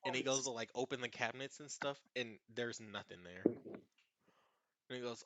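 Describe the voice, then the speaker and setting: A man's voice: medium pitch, normal speed, pauses often, a bit bright, highs cut off. A man narrating a tabletop game as its game master, easygoing and often laughing.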